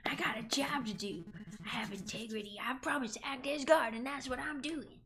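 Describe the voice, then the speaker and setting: A woman voicing a greedy, cocky male guard in a game, reading aloud on a stream with a gruff put-on voice. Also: sits high, moderate pace, close to an everyday voice. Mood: smug. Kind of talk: game voice-over read on stream.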